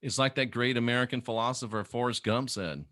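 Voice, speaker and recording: Man, middle-aged, former preacher, sarcastic rant, cutting bright voice, dead-dry sound. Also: mid-range voice, a little fast, no echo. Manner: sarcastic, scornful, mocking. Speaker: former minister turned critic. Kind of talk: ranting monologue to camera.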